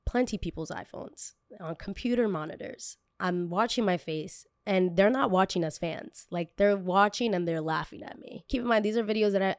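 A woman's voice: mid-range voice, no room sound, studio quality. A young woman content creator candidly telling a personal story, emotional and full of casual fillers.

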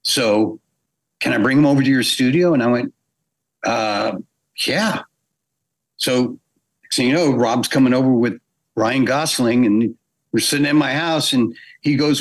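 A middle-aged man telling a long, lively anecdote as a guest in a podcast interview, acting out the voices of the people he quotes. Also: medium pitch, measured pace, pauses often. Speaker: guest animator.

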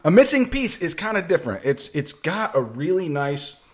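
Man, podcast co-host, casual chat, explains things at length, slightly high pitch, very animated intonation. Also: moderate pace. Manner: explains at length, laughs often. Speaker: podcast co-host mixing cocktails.

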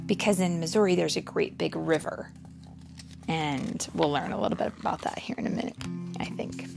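A young mother reading a picture book aloud to her child, expressive and slow, sometimes dropping into a whisper. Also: low voice, creaky. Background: soft guitar music.

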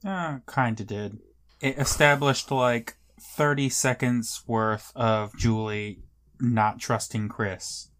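A man's voice: medium pitch, fairly even intonation, slow, fairly bright tone. A man co-hosting a podcast, trading dry, wry quips in casual chat. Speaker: podcast co-host.

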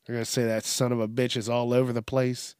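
A man's voice: mid-range voice, level tone, quick pace, a little mellow, clear, resonant tone, no room sound, clean studio sound. A man hosting a casual solo podcast, rambling and cursing with a slight Southern twang and frequent laughs. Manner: profane, rambling, laughs often. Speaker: podcast host. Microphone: studio microphone.

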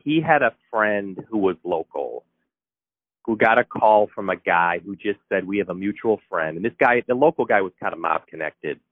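A very deep-voiced man speaking over a thin, phone-like line that sounds dry and close. He is the podcast host, emotional and effusive as he reacts to what he hears. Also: expressive, moderate pace, dry recording.

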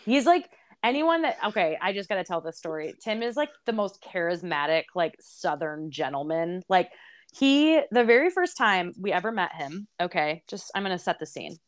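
A woman's voice: on the low side, big pitch swings, moderate pace. A young woman hosting a casual podcast interview, chatty and bubbly, laughing easily as she tells a story. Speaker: podcast host.

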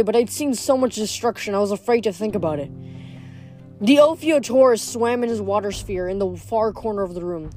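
A woman reading a novel aloud in steady narration, now and then stumbling over a word. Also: mid-range voice. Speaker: reader.

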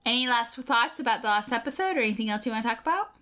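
A woman co-hosting a podcast in casual chat, excitable and quick to giggle. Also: fairly high pitch. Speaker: podcast co-host.

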